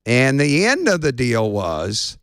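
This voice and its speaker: A man being interviewed as a guest, telling lively stories and acting out the people in them. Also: medium pitch, takes it slowly, dry recording, studio quality. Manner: lively storyteller, acts out quotes. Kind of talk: anecdotal storytelling.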